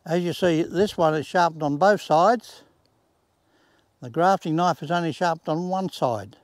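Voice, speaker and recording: A man's voice: a little high, a little slow, dry recording. A man, casually showing a home garden in a plain-spoken, folksy way and using rural sayings. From Australia. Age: 80s. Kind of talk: casual demonstration. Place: outdoors in a garden.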